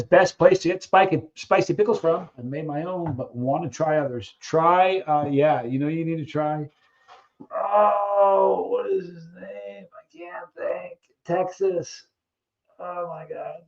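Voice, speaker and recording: A man's voice: a little high, measured pace, lo-fi sound. A man hosting a casual live stream, chatting loosely with viewers, reading out their questions and trailing off while he searches for names.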